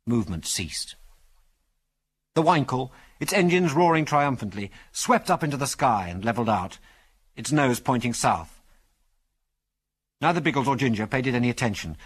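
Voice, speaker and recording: A man narrating an adventure story with a husky edge to his voice. His delivery is animated, the pitch rising and falling widely to carry the drama. A mid-pitched, storytelling reader.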